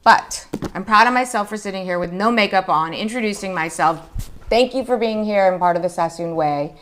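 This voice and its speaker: A woman in her forties hosting a live skincare chat, talking in an emotional, chatty way, her voice jumping high when she greets viewers. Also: normal speed, fairly bright tone. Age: 40s. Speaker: beauty show host.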